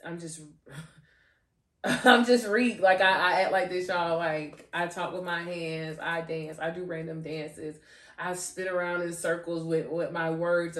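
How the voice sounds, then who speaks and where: A woman's voice: fairly low pitch, distant mic. Giggly woman in a roomy echo. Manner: animated, giggly, trips over words; restarts and repeats phrases. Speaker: podcast host. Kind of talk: faith podcast talk.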